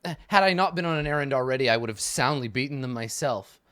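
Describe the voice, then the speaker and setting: A man's voice: medium pitch, lively intonation, fast, a bit bright, no echo, studio quality, lightly acted. A man voicing a proud, stern noble warrior uncle who scorns cowardice in a tabletop role-play. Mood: boastful.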